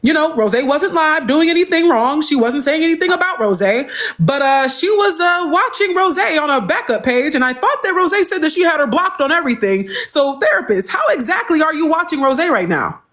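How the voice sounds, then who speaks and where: A high-voiced woman rants on a livestream. She is confrontational, firing off the same rhetorical questions again and again at her critics. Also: animated, brisk, a bit bright. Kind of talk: heated livestream rant.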